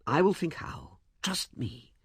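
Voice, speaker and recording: A man's voice: a little high, animated, slow pace, breathy edge, no room sound, studio quality, voice pushed up, exaggerated voice. A man reading a novel aloud and voicing an earnest young man who presses his case with insistent urgency. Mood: persuading. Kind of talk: audiobook character voice.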